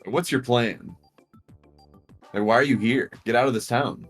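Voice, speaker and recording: A man co-hosting a live stream in casual chat, teasing and quick to laugh. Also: medium pitch, husky, faint music behind. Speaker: co-host.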